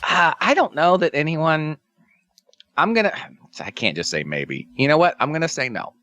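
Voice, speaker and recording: A man co-hosting a podcast in casual comedic chat, joking and cursing and drifting into quick tangents. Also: fairly high pitch, big pitch swings, bright, forceful tone. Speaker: podcast co-host.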